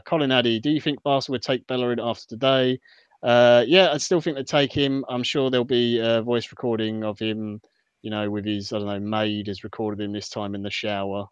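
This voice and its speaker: Male podcast host, low voice, jokey and brisk, dry slightly dull mic. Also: smooth, no room sound. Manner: jokey, brisk moderating, reading listener questions. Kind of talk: casual football podcast chat.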